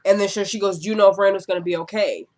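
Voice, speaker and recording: A woman casually recapping a TV episode, chatting and acting out the characters' lines in quick quotes, with exasperated asides. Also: mid-range voice, fairly even intonation, darkish tone.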